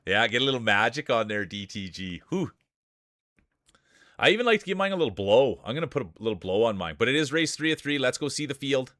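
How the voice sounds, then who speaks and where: A man streaming live, calling a marble race in joking mock sports commentary with playful hype and teasing shout-outs to viewers. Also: medium pitch, sing-song, fairly quick, no echo, studio quality.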